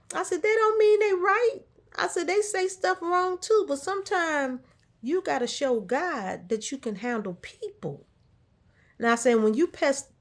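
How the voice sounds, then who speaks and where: Chatty woman retelling her workday. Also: high voice. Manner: retells conversations, quoting herself and a patient; encouraging, faith-infused talk. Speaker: caregiver sharing a workday story. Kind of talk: casual storytelling vlog.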